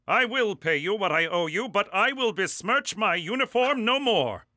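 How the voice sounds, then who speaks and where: A prim cartoon Mountie with a high, bright voice that swoops up and down, speaking in stiff, overly polite phrases. Earnest and hapless, he treats every exchange with formal courtesy. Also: lively intonation, moderate pace, no room sound. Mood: resigned.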